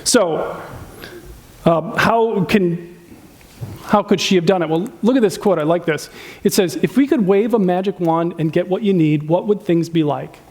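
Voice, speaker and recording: A man's voice: high voice, normal speed, darkish tone. A man preaching a sermon on relationships in a conversational way, asking the congregation questions and acting out spouses' complaints in a raised voice. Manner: conversational, asks the audience questions. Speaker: pastor.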